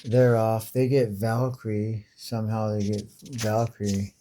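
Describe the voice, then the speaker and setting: Laid-back male comic reviewer, dark mellow timbre, swears freely and reacts with disbelief. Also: lowish voice, level tone, a little slow, slight background noise. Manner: profane, slangy, incredulous riffing. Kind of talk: casual comic commentary.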